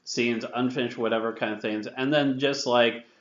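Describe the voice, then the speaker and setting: A man's voice: medium pitch, steady tone, moderate pace, a bit bright. A man co-hosting a podcast, mocking a movie in a casual chat with frequent restarts. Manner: laughing, mocking, lots of restarts. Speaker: podcast co-host. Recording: echoey, dull lo-fi room sound.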